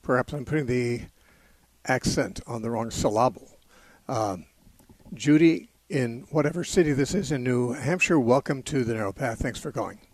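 A man hosting a call-in radio show, explaining Bible passages in a measured way and often correcting himself mid-sentence. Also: medium pitch, darkish tone, slightly rough.

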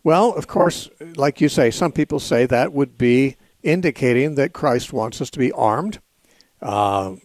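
A man hosting a call-in radio show and answering Bible questions in a measured, explanatory way, often pausing with "uh" and "you know". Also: mid-range voice, animated, a little mellow.

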